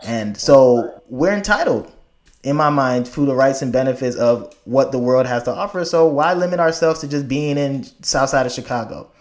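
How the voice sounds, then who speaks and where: This African man chats casually at a moderate pace with a medium-pitched voice. His delivery is lively and forceful, broken by frequent laughter and sentences he starts over.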